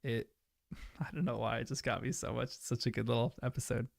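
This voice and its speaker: A young man talking casually to his live viewers as he watches a film. His voice is gravelly and the sound is dry, with no room around it. He talks openly and emotionally, drifting into soft, rambling asides. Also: mid-range voice, steady tone, brisk, no echo. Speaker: streamer watching a movie with chat.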